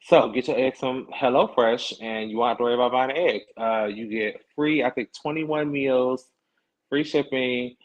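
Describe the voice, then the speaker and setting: A man's voice: mid-range voice, moderate pace. A man hosting a podcast livestream, chatting casually in a sassy, slangy way. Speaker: podcast host. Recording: dull lo-fi stream audio.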